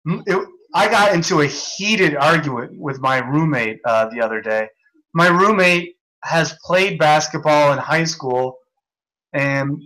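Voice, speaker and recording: Brief: young male podcast host, tense and bright in tone, higher than average, rambling agitated storyteller. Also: poor audio. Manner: agitated, repetitive storytelling with many restarts. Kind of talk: casual rant.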